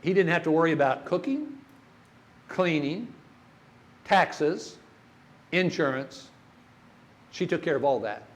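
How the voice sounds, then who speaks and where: An older man preaches a sermon in a church, with a voice a bit higher than most men's. He tells stories in turn and puts questions to the congregation. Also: big pitch swings, takes it slowly, long pauses. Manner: storytelling, asks the congregation questions.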